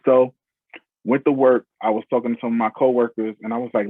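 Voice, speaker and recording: As a podcast guest, a man tells his story in a husky, mid-range voice with a level tone and brisk pace, earnest and heartfelt, his loose phrases often restarting. The casual interview audio sounds thin and phone-like, completely dry with no room sound.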